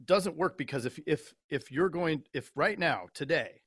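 A man's voice: a little high, lively intonation, normal speed, breathy edge, no room sound. A man co-hosting a casual business podcast, thinking aloud and stammering as he works through figures. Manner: thinking aloud, stammers while reading out data. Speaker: podcast co-host. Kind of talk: casual chat.

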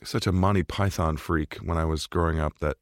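A man's voice: extremely low pitch, fairly even intonation, fairly quick, no echo. A middle-aged American man from St. Louis, chatting as a podcast guest with dry, wry jokes. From St. Louis, Missouri, USA. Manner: dry, joking, wry asides. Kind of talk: casual interview chat.

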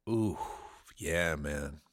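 A man's voice: extremely low pitch, drawn-out words, a bit bright, dry recording, clean studio sound. A man in his fifties co-hosting a comedy podcast, joking around and laughing often. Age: 50s. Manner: jokey, laughs often, drops into impressions. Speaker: podcast co-host. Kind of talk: casual comedic chat.

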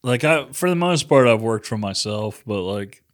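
A man's voice: medium pitch, expressive, normal speed, no echo. Laid-back male co-host, dry room. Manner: laid-back, laughs often, short quips. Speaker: podcast co-host. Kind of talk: casual crude banter.

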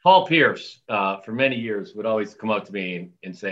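A man who works as an arena announcer, telling stories in a casual interview with animated quoted voices and frequent laughter. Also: on the low side, normal speed, few pauses, muffled recording. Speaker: arena public address announcer.

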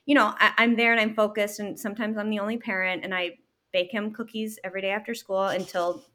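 A working mother in her thirties, speaking at medium pitch, is a guest in a casual interview. She talks earnestly, animated and quick to laugh.

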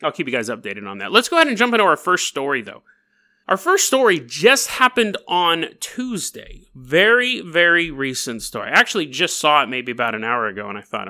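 A man hosting a paranormal news podcast, telling stories in an animated, jokey way and acting them out. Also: fairly high pitch, brisk. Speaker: podcast host. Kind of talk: comedic paranormal news monologue.

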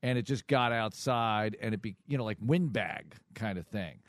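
A man's voice: on the low side, animated, moderate pace, dry recording. A man co-hosting a sports radio show, easygoing and joking as he tells stories. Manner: easygoing, storytelling, dry humor. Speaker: co-host, team broadcaster. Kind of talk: casual sports radio chat.

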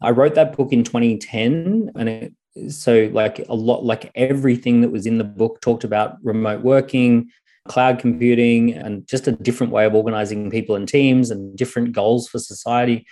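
A man with an Australian accent, a guest author talking in a podcast interview, animated and thinking aloud with fillers. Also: medium pitch, moderate pace.

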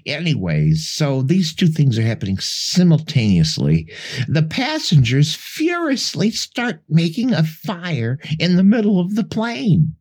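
A man's voice: fairly high pitch, wildly swooping pitch, a little slow, a little mellow, husky. A man co-hosting a podcast, dryly recapping the plot of a bad old movie. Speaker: podcast co-host.

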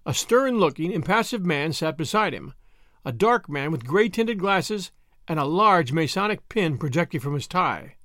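Man narrating with a lively pitch. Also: normal speed, no echo, studio quality. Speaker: audiobook narrator. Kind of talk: scripted narration.

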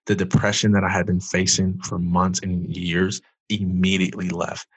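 A man's voice: deep voice, little pitch movement, normal speed, breathy edge, no echo. A young man, a pastor from Detroit, earnestly telling his personal story as a podcast guest. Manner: earnest storyteller, rises when reliving the moment. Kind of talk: emotional personal testimony.

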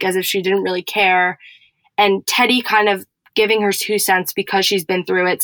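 A chatty woman co-hosts a casual podcast, talking things through at an easy pace and dropping plenty of "like" fillers. Her voice sits at an ordinary pitch and is recorded close and dry, with no room sound. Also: a bit bright, no room sound, low-quality recording. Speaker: podcast co-host. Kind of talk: casual chat recapping reality TV.

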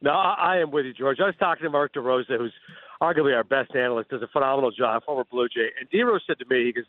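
A man calling in as a guest broadcaster, telling stories with enthusiastic, rapid energy. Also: mid-range voice, no echo, phone-quality sound. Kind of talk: call-in radio interview. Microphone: phone line.

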